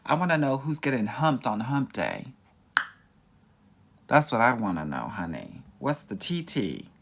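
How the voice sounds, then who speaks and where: A man's voice: medium pitch, sing-song, measured pace, creaky, husky. A young adult man coaching on dating in a live-stream Q&A, sassy and campy, talking with a Valley Girl lilt and calling viewers girl and honey. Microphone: phone or webcam mic for a live stream.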